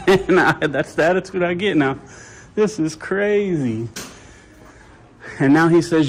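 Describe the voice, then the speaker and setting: This time the visitor's voice sits fairly high at a moderate pace as he narrates the confrontation to his own camera, indignant and complaining while he films the dispute. The low-quality recording carries a little hiss or hum.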